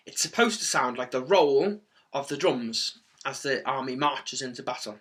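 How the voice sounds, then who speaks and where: Bright, upbeat man teaching. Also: medium pitch, normal speed. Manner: encouraging, clear and energetic delivery. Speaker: music teacher. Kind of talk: singing lesson for children.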